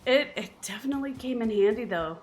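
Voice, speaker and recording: A woman's voice: fairly high pitch, lively intonation, fast talker. A Canadian woman streamer in casual chat while she plays a game, chatty and often laughing. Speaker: live streamer.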